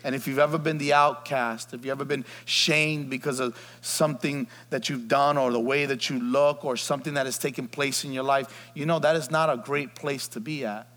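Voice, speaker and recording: A man preaching an Easter sermon as pastor, swinging from near whispers to loud shouts. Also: medium pitch, fairly even intonation, normal speed, hardly any pauses. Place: church sanctuary. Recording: long hall reverb.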